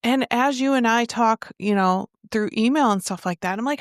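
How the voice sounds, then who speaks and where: A woman's voice: on the high side, moderate pace, no room sound. Chatty woman host, easy laughs, dry close mic. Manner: warm, chatty, laughs easily. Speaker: podcast host. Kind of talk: casual interview chat.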